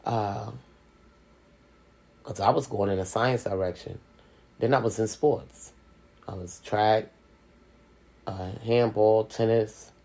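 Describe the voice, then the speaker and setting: Middle-aged woman, chatty storyteller, gravelly raspy voice, lively pitch. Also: takes it slowly, long pauses. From Hispanic and Native American heritage, US. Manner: animated, chatty, says "you know" often. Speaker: school speaker, sales professional. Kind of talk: casual storytelling.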